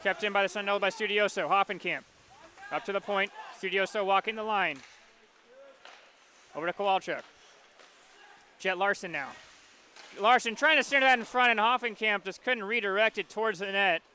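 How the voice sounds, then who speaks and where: A man calling live hockey play-by-play, following the puck in quick, rhythmic bursts. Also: high-pitched, pushed and bright, slight background noise. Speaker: play-by-play announcer.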